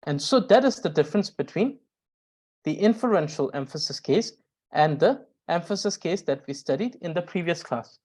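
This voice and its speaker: A woman with a low voice that rises and falls a lot is teaching a grammar lesson. She explains each point carefully, pausing with "uh" and restarting phrases, and now and then reads out example sentences. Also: animated, warm tone. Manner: explains slowly with frequent "uh" pauses and restarts. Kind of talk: recorded language lesson.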